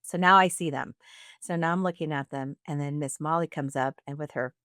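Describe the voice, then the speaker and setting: A woman co-hosting a podcast, telling a story in a casual, animated way and acting out the quoted lines. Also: deep voice, brisk, dry recording, clean studio sound. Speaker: podcast co-host.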